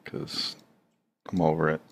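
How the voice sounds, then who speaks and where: A man giving casual, rambling commentary while he draws, swearing freely and trailing off into fillers. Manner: rambling, profane, halting with many fillers. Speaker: streamer drawing on stream.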